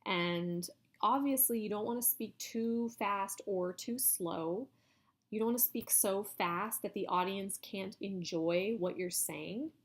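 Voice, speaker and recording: A woman instructor explaining public speaking delivery in a recorded video lecture, in a steady teaching tone with some hedging. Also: medium pitch, slow. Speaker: college instructor.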